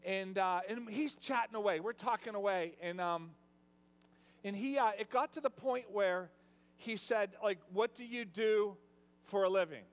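A man, a pastor, preaching a sermon in a storytelling way, repeating words and restarting, at times building to loud preaching. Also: sits high, unhurried. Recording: long reverb of a large hall.

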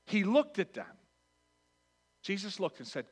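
Male pastor, sermon, high bright voice, shifts between soft asides and loud quotes. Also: fairly quick. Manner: animated, swings from hushed to loud acted quotes. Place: church with congregation.

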